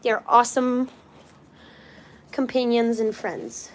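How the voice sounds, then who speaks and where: A woman's voice: on the high side, fairly even intonation, takes it slowly, a little hiss or hum. A young woman chatting casually on a livestream while walking her dog outdoors, slipping into baby talk with the dog. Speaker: livestream host. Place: outdoors, walking around a residential complex.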